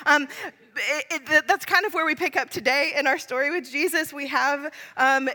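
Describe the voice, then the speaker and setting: A woman's voice: high voice, pushed and bright, in a large hall. A woman in her thirties preaching a sermon, telling funny family stories in a chatty, self-deprecating way and laughing along.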